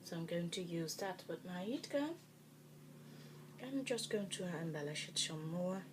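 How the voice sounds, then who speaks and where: A woman's voice: lowish voice, expressive, unhurried, background noise. A woman whose first language is Dutch, talking through a craft project in a casual, hesitant way with many fillers, muttering to herself as she works. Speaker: craft tutorial host.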